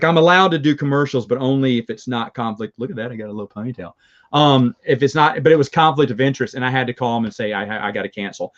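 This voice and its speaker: A man's voice: mid-range voice, highs cut off. Rambling Southern man chatting with viewers. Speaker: review show host. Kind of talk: casual live chat with viewers.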